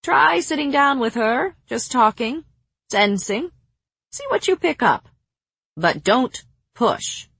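An ancient, stern female healer, as a woman narrator puts her on, speaking in slow, measured, hushed words. The voice is breathy and close, with no room sound, and her calm firmness never hurries. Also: sits high, dry recording, voice pushed up, full character voice. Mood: instructing. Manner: slow, measured, quietly firm.

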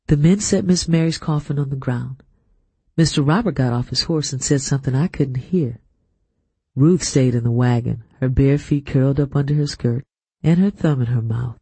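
A man narrating an audiobook in a steady, measured storytelling manner. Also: mid-range voice, slightly rough, dry recording. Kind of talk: scripted narration.

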